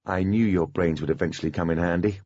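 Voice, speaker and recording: A man voicing a female fairy police captain, tough but tender, speaking softly and earnestly. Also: low-pitched, fast, dry recording. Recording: dull, dry lo-fi recording.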